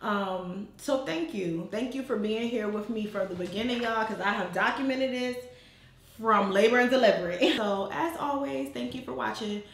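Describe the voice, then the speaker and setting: A woman's voice: on the high side, moderate pace. A woman vlogger and mother of twins talking casually to her viewers, chatty and emotional. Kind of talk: casual direct-to-camera chat. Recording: echoey room.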